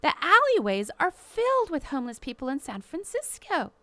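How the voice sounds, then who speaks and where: A woman hosting a show, delivering an impassioned, indignant commentary with emphatic, drawn-out stresses. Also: sits high, huge pitch swings, bright, forceful tone, no room sound. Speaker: radio show host.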